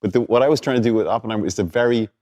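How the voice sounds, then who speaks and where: A man's voice: lowish voice, rapid-fire, a little mellow. A man in his forties with an Irish accent, talking casually and hesitantly with another actor, often repeating words. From Ireland. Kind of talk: casual conversation between actors.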